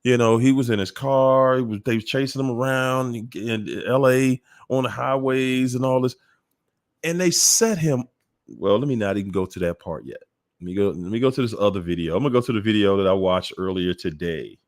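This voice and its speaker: A man hosting a casual call-in livestream, chatty and exclaiming as he sets up clips. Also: medium pitch. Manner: slow, chatty, exclaims and laughs often. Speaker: host.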